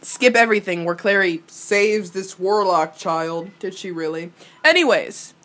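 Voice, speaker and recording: A woman's voice: medium pitch, animated, unhurried, a bit bright. A young woman giving casual reaction commentary on a TV episode, ranting animatedly and swearing freely. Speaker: reaction video host.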